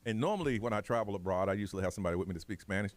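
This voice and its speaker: In a dry-sounding radio studio, an American morning radio host with a lowish voice rattles off a story at rapid-fire speed. He tells it casually and animatedly, voicing the other people in it.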